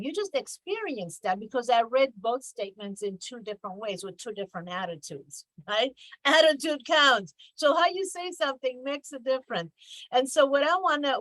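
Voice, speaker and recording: A middle-aged woman coaching a group online, speaking in a slightly high voice. She talks conversationally and puts stress on key words. The sound is close and dry, with no room echo. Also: fairly bright tone. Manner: conversational, emphatic, reads examples with mock exaggeration. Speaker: business coach. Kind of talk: online workshop presentation.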